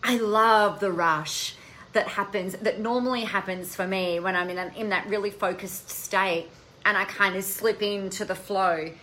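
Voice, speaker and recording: A woman hosting a casual live stream, talking in an animated, chatty way and swearing now and then. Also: mid-range voice, moderate pace, a little hiss or hum, low-quality recording. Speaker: coaching podcast host.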